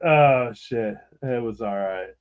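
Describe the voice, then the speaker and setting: A man's voice: mid-range voice, slow pace, lo-fi sound. A man hosting a podcast, telling a rambling, profane story with laughter in casual chat. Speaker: podcast host.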